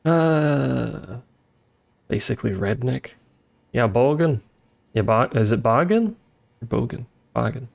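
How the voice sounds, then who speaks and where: A man's voice: mid-range voice, lively intonation, slow, creaky, long pauses, a little mellow. A man streaming a game, giving casual, joking commentary and chatting with viewers. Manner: joking, chatty, talks to chat. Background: faint game music.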